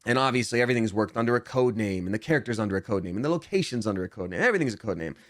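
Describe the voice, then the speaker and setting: A young adult man, a voice actor and guest, chatting casually in an interview and telling stories animatedly, swinging his pitch up when he jumps into quotes. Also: expressive, racing, a bit bright, dry recording, studio quality.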